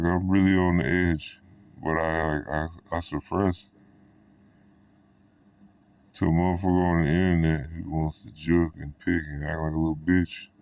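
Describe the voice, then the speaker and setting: A man with an extremely deep, flat voice rambles through a profane monologue. He keeps the delivery level and laughs between thoughts. The recording is dry, with the mic set back from him. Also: no room sound, recorded from a distance. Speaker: vlogger.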